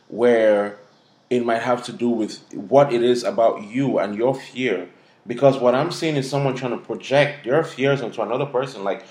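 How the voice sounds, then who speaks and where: A man from Africa gives a casual tarot reading to his viewers. His voice sits at a middle pitch and has a roomy echo. He talks bluntly, swears freely and scolds. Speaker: tarot reader. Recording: echoey room.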